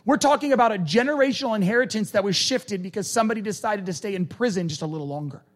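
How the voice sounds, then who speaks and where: A male preacher giving a conversational, animated sermon and acting out quoted lines. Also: high voice, fast.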